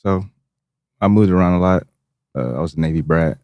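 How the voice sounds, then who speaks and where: A man's voice: low voice, brisk, dry recording, lo-fi sound. A young man from Virginia, a music producer guest, talking in a laid-back, slangy way and laughing often. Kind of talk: casual interview chat.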